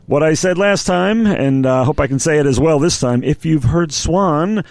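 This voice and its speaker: Animated, joking male podcast co-host. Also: fairly high pitch, fairly quick, vocal fry, dry recording. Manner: joking, meandering, lots of fillers. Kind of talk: casual chat.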